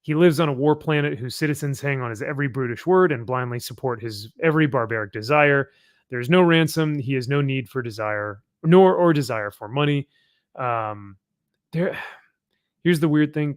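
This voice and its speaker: A man's voice: mid-range voice, normal speed, dry recording, clean studio sound. A man hosting a casual chat, rambling as he sums up a comic and laughing along. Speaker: podcast host.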